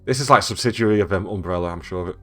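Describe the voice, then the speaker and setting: A man's voice: sits low, very fast, sharp tone, faint music behind. A man playing a game and reading its emails aloud, stumbling over words and adding sarcastic jokes. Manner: joking, reads text aloud with stumbles and sarcastic asides. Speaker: gaming YouTuber.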